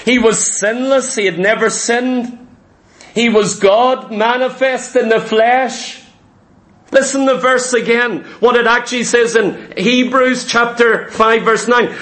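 Guy preaching a fired-up sermon, high voice, keeps repeating lines for punch. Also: a little slow, fairly bright tone. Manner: impassioned, repetitive, voices Christ and doubters.

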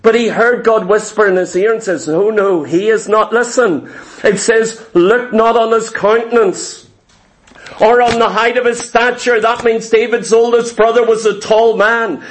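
Guy preaching, really high voice, hammers every point over and over. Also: steady tone, measured pace. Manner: emphatic, repetitive preaching cadence. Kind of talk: sermon.

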